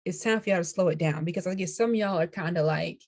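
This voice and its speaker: A woman's voice: lowish voice, quick pace, darkish tone. A woman casually reading tarot cards and explaining them to viewers in a chatty way. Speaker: tarot reader.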